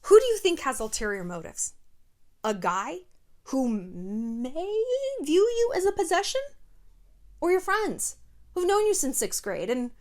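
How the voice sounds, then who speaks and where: A brash, sassy woman in her thirties talks straight to camera in a casual commentary, swearing freely and acting out quotes from other people. Her voice sits fairly high and swings widely in pitch, full of animation. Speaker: YouTube host.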